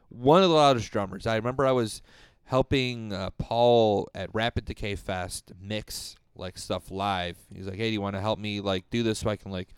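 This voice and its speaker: A man co-hosting a casual music podcast, talking in a rambling, profane way with lively jumps in pitch. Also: clean tone, no room sound, studio quality. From Rochester, New York. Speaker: podcast co-host. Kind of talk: casual chat.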